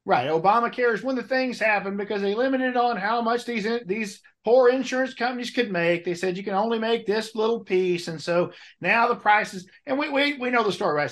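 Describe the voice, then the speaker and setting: A man with a notably high voice hosts an interview in a chatty way, swapping stories and putting questions to his guests. He sounds conversational and engaged. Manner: chatty, lively storytelling, asks questions. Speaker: interview host.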